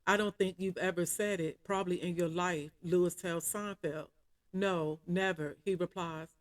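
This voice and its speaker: A woman's voice: lowish voice, fairly even intonation, moderate pace, no echo. A woman commentating on camera, reading out an article and breaking off often to talk to her viewers. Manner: keeps calling the audience y'all. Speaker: video commentator reading a news article aloud. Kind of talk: casual reaction commentary.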